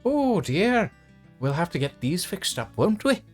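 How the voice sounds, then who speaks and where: A man voicing a sweet, doting old grandmother who runs a potion shop, cooing and fussing in a high, fluttery voice. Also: big pitch swings, a little slow, faint music behind, exaggerated voice.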